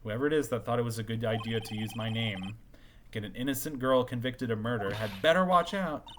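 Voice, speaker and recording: A man's voice: mid-range voice, fairly quick, a bit bright, slight background noise, lightly acted. A man voicing an earnest, unlucky young female police officer in an amateur game voice-over, with game music behind. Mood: determined. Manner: clumsy, says "sir" a lot.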